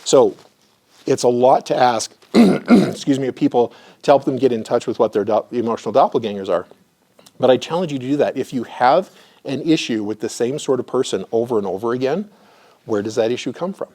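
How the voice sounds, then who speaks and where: A middle-aged man giving a live lecture with personal stories to an audience in a room, conversational and often clearing his throat. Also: medium pitch, expressive, brisk, dark tone.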